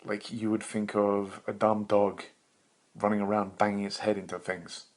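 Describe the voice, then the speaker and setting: A man's voice: lowish voice, level tone, normal speed. A young man hosting a solo podcast, rambling in a meandering, profane, self-mocking way with bursts of laughter. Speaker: podcast host.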